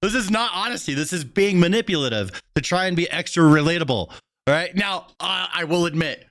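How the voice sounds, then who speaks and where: A man's voice: high-pitched, lively intonation, a little fast, fairly bright tone. A man hosting a reaction stream, giving blunt, profane running commentary.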